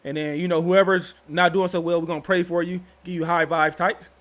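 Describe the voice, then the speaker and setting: This young man's voice is high but level in tone, a little fast and a bit bright. Hosting his own channel, he rambles to his audience in relaxed, slangy vlog commentary.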